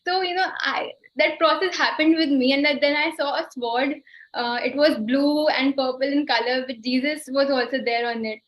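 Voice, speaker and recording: A woman's voice: high voice, fairly even intonation, normal speed, a bit bright. A woman sharing a personal spiritual experience on a video call, hesitant and full of fillers. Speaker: workshop participant. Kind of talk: emotional personal testimony. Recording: dull video call audio.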